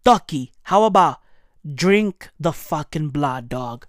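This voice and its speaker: A woman's voice: low voice, lively intonation, slow pace, dry recording. Incredulous woman ranting. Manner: incredulous, exaggerated, swings into shouting. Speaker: comedic commentator. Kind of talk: comedic rant to camera.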